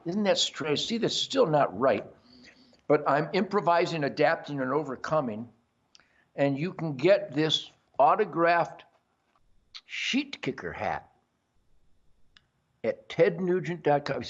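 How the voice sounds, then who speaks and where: An older man from the Detroit area hosts a show with a brash, boisterous, self-promoting rambling monologue. His voice is on the high side and husky, muffled by an earpiece microphone.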